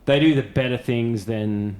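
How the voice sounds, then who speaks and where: A man's voice: medium pitch, moderate pace, a little mellow. A man co-hosting a casual chat, reading film listings aloud and joking around. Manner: jokey, reads listings aloud, bursts into silly put-on voices. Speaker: podcast co-host. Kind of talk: casual chat about upcoming films.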